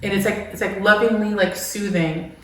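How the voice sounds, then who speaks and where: A woman guest who works as a sound bath practitioner and business coach, chatting casually and telling lively stories. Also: medium pitch, normal speed. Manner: animated storyteller who acts out quotes with laughter. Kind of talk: casual conversation. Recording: echoey room, distant mic, faint noise.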